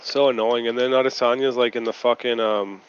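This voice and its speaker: A man's voice: medium pitch, flat delivery, a little fast, highs cut off, slight background noise. A man on a casual video-call chat, ranting and swearing in frustration. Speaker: podcast co-host. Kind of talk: casual post-fight chat.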